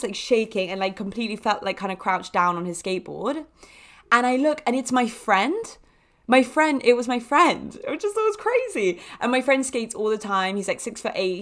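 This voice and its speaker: A young woman talks through her week on her own podcast. She tells stories in a loose, animated way, full of little fillers and quick laughs. Her voice sits at an everyday middle pitch. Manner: chatty, animated, laughs often, many fillers. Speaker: podcast host. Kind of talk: casual storytelling monologue.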